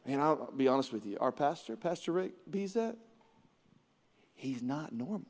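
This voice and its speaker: A man in his thirties preaching a sermon to a church congregation, energetic and joking, now and then mimicking his children. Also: medium pitch, normal speed, a little hiss or hum. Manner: energetic, joking, acts out his kids' voices. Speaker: pastor. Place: large church auditorium. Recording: reverberant church hall.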